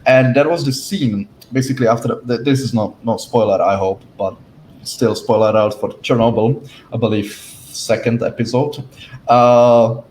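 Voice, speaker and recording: A man talks through a casual discussion in a halting way, full of fillers and restarts. His voice sits in an echoey room. A faint hiss runs underneath. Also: mid-range voice, a little mellow.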